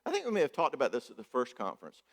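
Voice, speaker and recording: A man's voice: mid-range voice, wildly swooping pitch, racing, creaky. A man gives a joking, conversational conference talk as a marriage therapist, often checking in with the audience. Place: church hall. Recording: echoey church hall.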